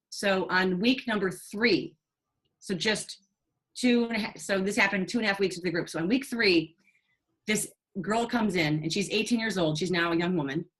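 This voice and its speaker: A woman's voice: medium pitch, breathy edge, poor audio. Chatty storytelling middle-aged woman. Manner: animated, chatty, with fillers and restarts. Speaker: nurse and guest. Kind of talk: casual storytelling in a conversation.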